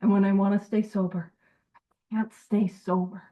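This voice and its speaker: A woman's voice: mid-range voice, flat delivery, normal speed, recorded from a distance, highs cut off. A woman co-hosting a recovery book study group in casual, digressive, self-deprecating talk over a video call.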